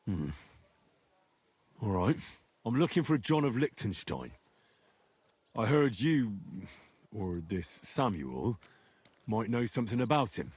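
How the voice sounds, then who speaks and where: Husky, blunt young hero. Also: male voice, lowish voice, big pitch swings, takes it slowly, long pauses, a little mellow, no room sound, exaggerated voice. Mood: steady. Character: plain-spoken young male hero of a medieval game. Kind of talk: game dialogue.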